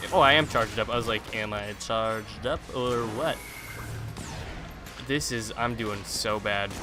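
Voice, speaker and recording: A man giving rambling, chatty commentary while playing a video game. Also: on the low side. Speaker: let's play host. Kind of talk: live gameplay commentary. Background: game music and gunfire.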